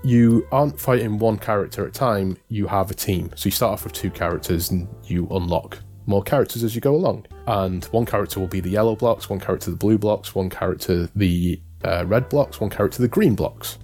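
A man's voice: lowish voice, fairly quick, few pauses, a little mellow, soft background music. A man co-hosting a podcast, talking in a casual, rambling way and often correcting himself. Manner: rambling, self-correcting, amused. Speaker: podcast co-host. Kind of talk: casual chat.

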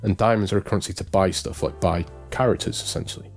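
Male podcast co-host, lowish voice, loose and rambling, faint music bed. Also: steady tone, quick pace, darkish tone. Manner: rambling, self-correcting, amused. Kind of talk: casual chat.

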